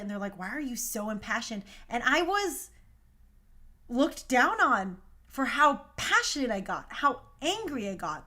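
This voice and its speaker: A woman's voice: fairly high pitch, sharp tone. A young woman hosting a talk show, speaking in a passionate, emphatic casual monologue. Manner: impassioned, emphatic.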